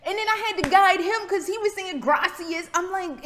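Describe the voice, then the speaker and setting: A woman's voice: extremely high pitch, moderate pace, a little hiss or hum. Hyper, profane young American woman. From United States. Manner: hyper, profane, rambling and animated. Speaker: vlogger. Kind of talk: casual rant to camera.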